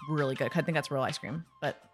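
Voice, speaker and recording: A woman with a lowish voice co-hosts a relaxed podcast. She chats offhandedly and giggles often. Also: fast talker, faint music behind. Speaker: podcast co-host. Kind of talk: casual chat.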